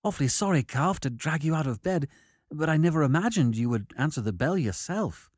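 A jittery, peevish young gentleman, as a male reader puts him on, pitched noticeably above the reader's own voice. He sounds apologetic and hurried in a dry, close storybook reading. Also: lively intonation, dry recording. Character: nervous pale young English gentleman.

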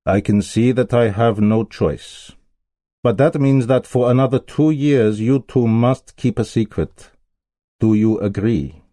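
A man's voice: mid-range voice, a little slow, dark tone, no room sound, clean studio sound, natural voice. A man voicing a proud, anxious middle-aged king who speaks formally and urgently, in a storybook reading. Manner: formal, urgent, flustered when exposed.

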